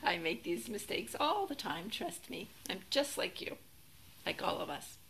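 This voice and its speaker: A woman teaching as a Zen teacher in a relaxed, reflective dharma talk, gently self-deprecating and sometimes laughing. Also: mid-range voice, measured pace, vocal fry, rough recording.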